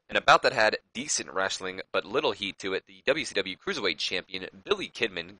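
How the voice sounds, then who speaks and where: A gaming YouTuber casually commentates a wrestling management game, rambling and correcting himself along the way. His lowish voice is bright and forceful, captured on a low-quality recording with no room sound.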